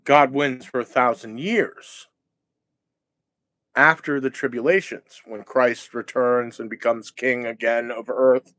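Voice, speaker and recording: A man delivers a rambling monologue in a slow, drawn-out way, agitated and often cursing. He keeps breaking off and restarting his sentences. The sound is close and dry with no room echo. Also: mid-range voice, steady tone, fairly bright tone. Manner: agitated, profane, halting with restarts. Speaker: vlogger.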